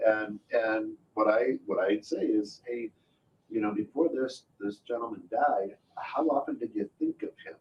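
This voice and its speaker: A middle-aged man talking as a guest in a relaxed, expressive way, often quoting his family. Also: fairly low pitch, moderate pace. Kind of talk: casual talk show chat. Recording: distant muffled mic.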